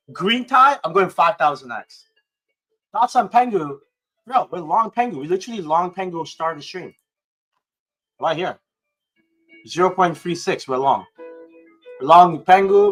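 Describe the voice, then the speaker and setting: A man hosting a casual livestream, excitable and prone to swearing, swinging between hyped outbursts and low mumbling. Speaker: livestream host.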